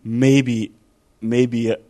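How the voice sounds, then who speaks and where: A man's voice: mid-range voice, level tone, very slow, mellow. A man giving an informal sermon, talking it through casually with fillers and restarts. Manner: conversational, thinking aloud with fillers and restarts. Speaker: preacher.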